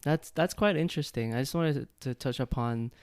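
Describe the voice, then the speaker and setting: A man in his thirties, born in China and raised in Jamaica, co-hosts a relaxed podcast and laughs easily. His voice is smooth and clear, recorded close and dry. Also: medium pitch, a little fast, no echo. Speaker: co-host. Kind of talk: casual podcast chat.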